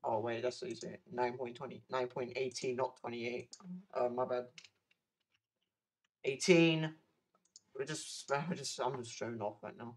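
A man's voice: medium pitch, fairly even intonation, measured pace, poor audio. A young man from the UK chatting casually on a live stream, rambling with restarts and sudden exclamations. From United Kingdom.

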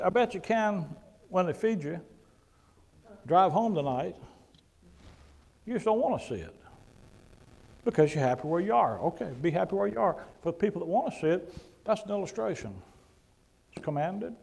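A man preaching a sermon to a congregation, conversational and emphatic, with sudden loud punches. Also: sits high, expressive, normal speed, gravelly, pauses often, rough recording. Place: church before a congregation.

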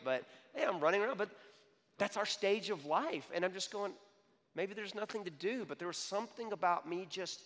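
A man in his thirties giving a conversational sermon to young adults, animated and checking in with the crowd. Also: fairly high pitch. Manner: animated, repeats "okay?" to the crowd. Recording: long hall reverb.

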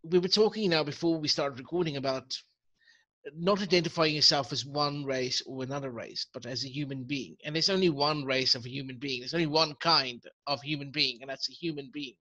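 Bright, enthusiastic male host. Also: mid-range voice, fairly quick, dull audio. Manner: enthusiastic, reflective. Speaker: host of the talk show. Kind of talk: casual interview talk.

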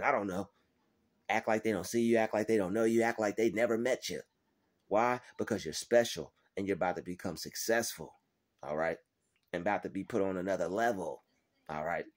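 A man giving a faith-based motivational pep talk to his viewers, emphatic and repetitive, swearing freely as he drives his points home. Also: fairly low pitch.

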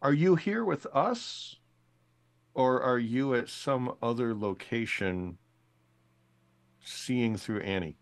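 A man's voice: mid-range voice, expressive, slow pace, pauses often. A man playing a character in a tabletop game, playfully describing what his character does. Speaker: player.

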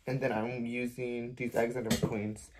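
A man's voice: mid-range voice, flat delivery, normal speed, very noisy. Sassy chatty young man vlogging. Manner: chatty, sassy, swears a lot. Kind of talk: casual chat to camera. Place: home, then a car and a car dealership.

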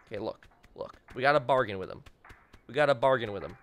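A man's voice: medium pitch, lively intonation, quick pace, fairly bright tone, a little hiss or hum. A young man doing playful gameplay commentary as a let's play host, teasing and mock-dramatic, talking straight to the game characters.

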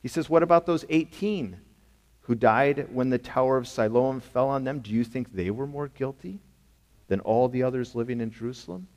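At a normal speed and medium pitch, a man with a rather dark voice preaches a sermon, emphatic and conversational, regularly asking the congregation rhetorical questions. A long hall reverb fills the church sanctuary recording.

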